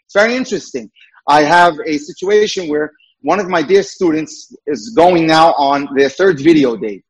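A man's voice: on the high side, moderate pace, breathy edge, poor audio. A man working as a dating mentor, giving an earnest lecture full of rhetorical questions.

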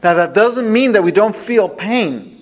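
A man teaching a religious lesson as a story, with a fairly high voice. His delivery swings in pitch and loudness for dramatic effect. He builds up to his points like a storyteller. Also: expressive, unhurried. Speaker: rabbi teaching a podcast lesson.

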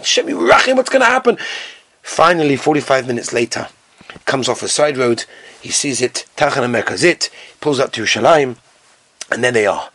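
A man's voice: fairly high pitch, a bit bright, slightly rough. A man giving a rabbi's lecture in an earnest, emphatic storytelling style, sprinkled with Hebrew and Yiddish terms.

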